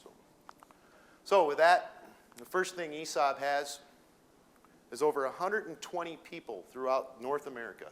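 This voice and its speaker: A man giving an educational presentation to instructors, speaking haltingly with frequent restarts and fillers. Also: a little high, a bit bright. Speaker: company presenter.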